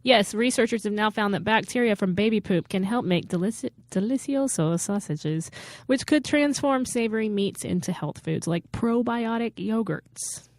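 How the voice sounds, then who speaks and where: A woman co-hosting a comedy podcast, reading strange news stories in a steady, deadpan way and laughing between them. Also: medium pitch, moderate pace, few pauses, no room sound. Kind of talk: casual comedic news chat.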